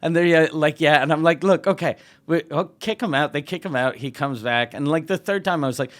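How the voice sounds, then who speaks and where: Higher-voiced man telling a profane story. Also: animated, fairly quick, hardly any pauses, a bit bright. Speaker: podcast co-host, comedian. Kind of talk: casual storytelling chat.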